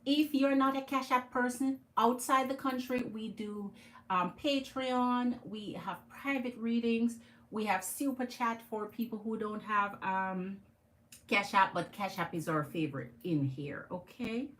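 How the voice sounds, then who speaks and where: A woman's voice: a little high, a little slow, a bit bright, low-quality recording. A woman with a Jamaican accent hosting a live tarot stream, chatting with her viewers and greeting them by name.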